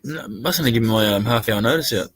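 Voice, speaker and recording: A man's voice: mid-range voice, quick pace, a bit bright, breathy edge. An Australian man chatting casually on a live stream, rambling and laid-back, swearing now and then.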